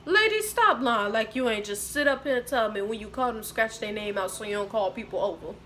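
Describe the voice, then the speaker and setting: Animated young woman telling a story. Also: fairly high pitch, fairly quick, a little hiss or hum. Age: young adult. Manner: animated, slangy, talks to viewers. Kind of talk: casual storytime.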